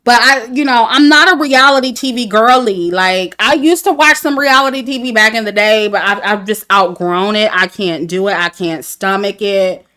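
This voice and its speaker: A woman's voice: mid-range voice, moderate pace, hardly any pauses, pushed and bright. A woman, talking casually to her chat about a dating show, candid and laughing often. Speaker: reality TV commentator. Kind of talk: casual review livestream.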